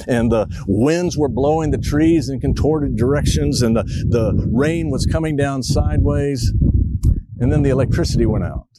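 Pastor preaching in a dry, close sound. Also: male voice, medium pitch, a little mellow, dry recording, low-quality recording. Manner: storytelling, reflective, acts out a child's voice in quotes. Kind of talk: sermon.

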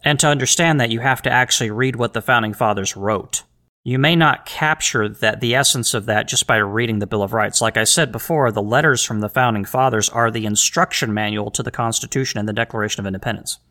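A man's voice: mid-range voice, a little fast, bright, forceful tone. A man hosting a solo podcast, talking in an earnest, emphatic way with rhetorical questions and frequent restarts. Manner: repeats words and restarts phrases. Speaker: podcast host.

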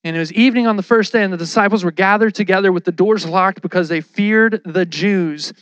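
Guy preaching casual, high smooth voice, slangy storyteller, dry close mic. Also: brisk, fairly bright tone, no echo, muffled recording. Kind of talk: casual sermon.

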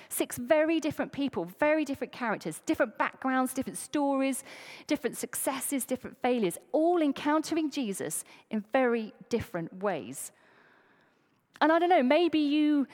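Woman preacher, higher voice, very lively pitch, chatty sermon, long hall reverb. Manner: conversational, tells jokes.

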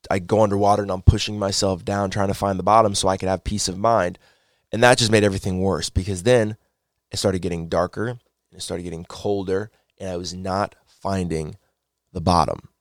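A man giving a personal faith testimony, telling his story earnestly and excitably, often repeating words as he gets wound up. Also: sits low, moderate pace, no room sound, clean studio sound.

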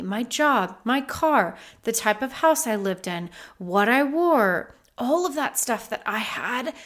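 A woman in her thirties hosting a podcast, telling a personal story in an earnest, reflective way that turns animated. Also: mid-range voice. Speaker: podcast host.

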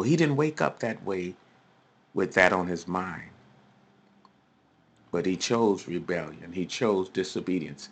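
A man's voice: low-pitched, animated, a little slow, long pauses, husky. A male preacher giving a recorded teaching sermon, emphatic and often asking his listeners questions.

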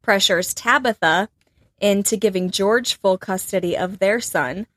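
A woman recounts a true-crime story to her co-host in loose, chatty podcast talk, full of "like" and trailing, half-finished phrases. Her mid-range voice is a bit bright and a little slow, and it sounds dry and close to the mic with no room sound at all.

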